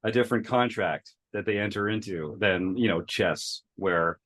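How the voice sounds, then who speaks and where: A man's voice: fairly low pitch, normal speed, fairly bright tone, no echo. A man hosting a poker podcast, reflecting casually with a lot of fillers. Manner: reflective, uses many fillers. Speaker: podcast host. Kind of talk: casual interview chat.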